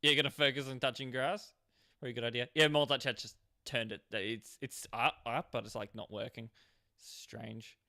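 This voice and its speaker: A man's voice: medium pitch, steady tone, normal speed, bright, forceful tone. A man live-streaming a driving game, chatting casually with viewers and reading their messages aloud between frequent fillers.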